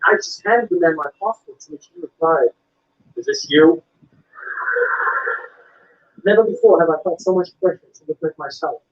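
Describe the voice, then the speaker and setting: A male stand-up comedian performing a routine on stage, acting out voices of shouting officers. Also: high-pitched, fast, hardly any pauses, highs cut off. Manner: animated, with loud acted-out officer voices.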